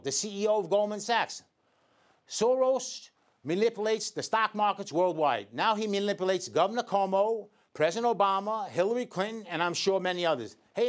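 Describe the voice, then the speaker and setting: New electrician host, high-pitched voice, sarcastic editorial rant. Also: male voice. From Staten Island, New York. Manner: indignant, sarcastic, addresses people directly. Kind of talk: scripted editorial commentary.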